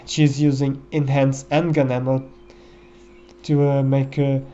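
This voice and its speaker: A man's voice: mid-range voice, flat delivery, slow, dark tone, muffled recording. A man giving casual gameplay commentary in a reflective, musing way, often tagging his thoughts with "you know.".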